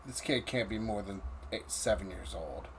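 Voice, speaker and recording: A man narrating a tabletop game as game master, pausing and restarting often. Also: lowish voice. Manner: halting, with restarts and fillers. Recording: faint background noise.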